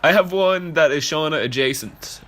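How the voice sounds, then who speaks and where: A young man, co-hosting a casual podcast, joking and swearing in animated banter. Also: on the high side, normal speed, background noise. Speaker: podcast co-host.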